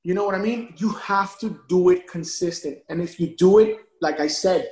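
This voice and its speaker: A man speaking as a guest in a casual conversation, talking in an animated way and laughing often as he tells stories. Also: high-pitched, normal speed. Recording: roomy echo.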